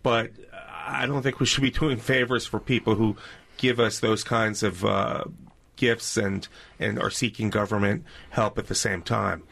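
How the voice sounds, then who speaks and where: A former senator speaks as a guest on a radio panel. His voice is low and gravelly, and he pauses and restarts often as he talks. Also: steady tone, fairly bright tone. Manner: hesitant, many fillers and restarts.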